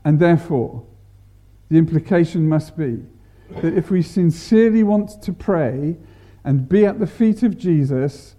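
A man preaching a sermon, deliberate, repeating and stressing words to make his point. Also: fairly high pitch, lively intonation, warm tone.

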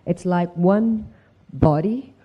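Low-voiced woman, slow and searching, group discussion, muffled lo-fi sound. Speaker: Bible study participant. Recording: dull lo-fi audio.

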